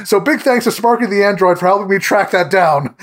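A man co-hosting a casual podcast chat, excitable and rambling as he tells a story. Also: high voice, fairly quick. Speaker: podcast co-host.

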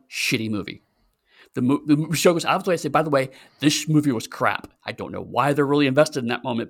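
A man co-hosts a casual podcast chat, rambling sarcastically and filling his talk with fillers and restarts. His voice is mid-range with vocal fry.

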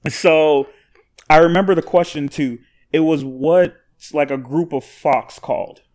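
Man, fairly high voice, casual podcast chat, animated storytelling, swears freely. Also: measured pace. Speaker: podcast co-host.

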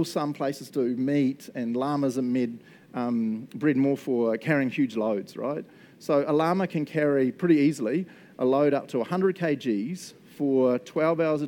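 A man's voice: medium pitch, warm tone. A man preaching a casual sermon as pastor in a church, and joking, chatty asides to the congregation.

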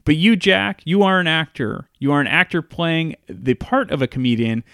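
A man's voice: a little high, moderate pace, a bit bright, clean tone, dry recording, clean studio sound. A man putting on a blunt German director. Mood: teasing. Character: older German film director, blunt and teasing.

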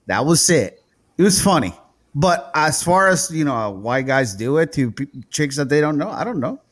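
A man's voice: fairly high pitch, lively intonation, moderate pace. A man co-hosting a casual podcast, joking around and laughing often. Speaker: podcast co-host. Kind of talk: casual chat.

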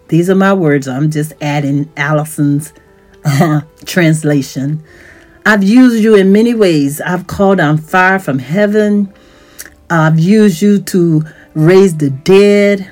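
Slow-speaking woman teaching from scripture. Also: soft background music. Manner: reads scripture aloud then retells it in plain words; voice rises in pitch when excited. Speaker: teacher of a church series. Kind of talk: Bible teaching.

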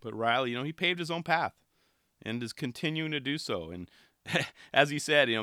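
A middle-aged man hosting a podcast, talking casually in a rambling, relaxed way with many restarts. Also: medium pitch, dry recording, studio quality. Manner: rambling, relaxed, self-interrupting. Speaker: podcast host. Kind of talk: casual solo podcast talk.

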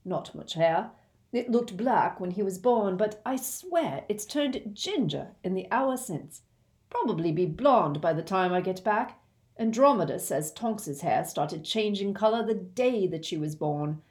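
A woman voicing a gentle, worn-out middle-aged wizard man in a storybook reading, earnest and exclaiming. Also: medium pitch, animated, a little slow, close to an everyday voice. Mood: overjoyed.

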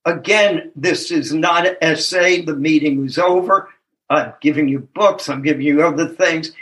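A man's voice: on the high side, normal speed, fairly bright tone. An older man in his seventies giving a reflective, earnest personal recovery testimony, chuckling at himself and stressing key words. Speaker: speaker sharing at a recovery meeting.

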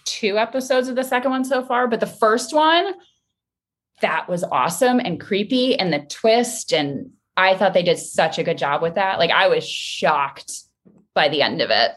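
A woman being interviewed as a guest actress, chatting lively and laughing often. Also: medium pitch, moderate pace. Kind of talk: casual interview chat.

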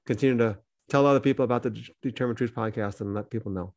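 A man's voice: mid-range voice, very fast, creaky, darkish tone, no room sound, clean studio sound, soft background music. A man co-hosting a podcast, talking earnestly and reflectively in a casual discussion. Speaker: podcast co-host.

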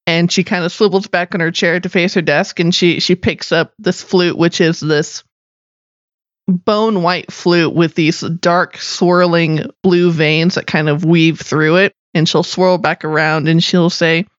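A woman's voice: fairly low pitch, steady tone, a little slow, dry recording. A woman narrating a tabletop game as game master, describing scenes casually with fillers. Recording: slightly dull, dry recording.

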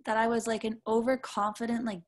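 A woman's voice: fairly high pitch, level tone, brisk. A young adult woman musician chatting casually in an interview, rambling with lots of fillers and casual swearing. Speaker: musician guest.

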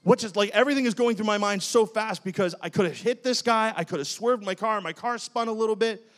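A male pastor preaching and telling a story in an animated, dramatic way. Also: high voice, fairly quick. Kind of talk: sermon with personal storytelling.

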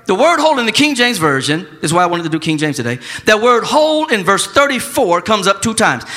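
Man, pastor, preaching, lively high voice, long church reverb. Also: fairly quick. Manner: dramatic swings from quiet to shouting. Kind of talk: sermon.

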